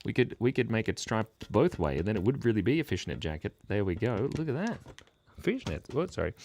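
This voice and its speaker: A man's voice: mid-range voice, very animated, a little slow, long pauses, a little mellow, slight background noise. A man hosting a live drawing stream, chatting playfully and gushing with praise as he draws. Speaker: drawing livestream host.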